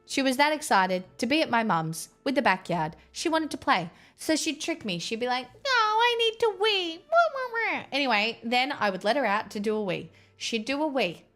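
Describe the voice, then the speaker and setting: A woman's voice: fairly high pitch, expressive, a little fast, hardly any pauses, fairly bright tone. Sweary rambling young woman streamer. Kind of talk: casual live-stream chat. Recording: faint music behind.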